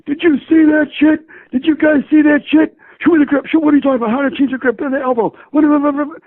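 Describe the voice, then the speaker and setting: A man doing a shrieking, stunned film director. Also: fairly even intonation. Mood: amazed. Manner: shrill, rapid-fire exclamations. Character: excitable famous film director, shouting in amazement. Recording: dry, tinny phone-like audio.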